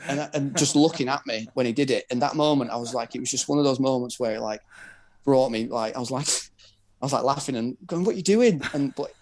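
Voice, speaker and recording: This British podcast guest, once a soldier and now a wheelchair rugby player, has a medium-pitched voice with fairly even intonation and a fairly quick pace. His storytelling is candid, casual and rambling, with plenty of filler words.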